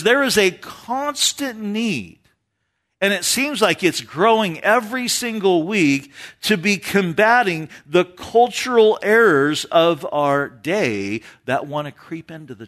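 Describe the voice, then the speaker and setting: Male pastor preaching to his church, high voice, lots of rise and fall, earnest. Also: a bit bright. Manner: earnest teaching sermon with scripture reading. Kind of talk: sermon. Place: church sanctuary with a live congregation.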